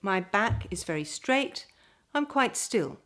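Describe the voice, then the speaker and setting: Middle-aged woman coaching presenters to camera. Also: medium pitch. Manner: demonstrating voice patterns, deliberate then lively. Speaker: speaker coach. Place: indoors, speaking to camera. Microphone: camera mic, standing.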